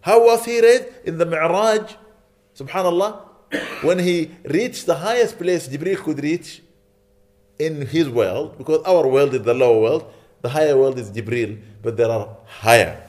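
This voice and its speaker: A man's voice: a little high, measured pace, a little mellow. A man preaching a sermon in a mosque, emphatic and repetitive, often checking in with his listeners and weaving in Arabic phrases and recitation. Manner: emphatic, repeating points and checking in with "Okay?".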